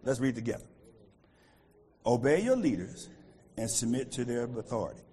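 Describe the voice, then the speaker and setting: A middle-aged American man preaching a sermon as pastor, animated, swinging from loud outbursts to quiet asides. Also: medium pitch, normal speed, breathy edge. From United States.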